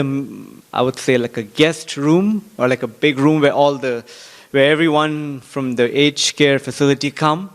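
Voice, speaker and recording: A man gives a scripture class at a temple and tells a story as he goes. He acts out the voices of the people in it with animated shifts, often pausing with "you know" and "um." His pitch sits in the middle of the range. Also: vocal fry. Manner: lively storyteller acting out quoted voices, many fillers. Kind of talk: storytelling sermon. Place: temple hall.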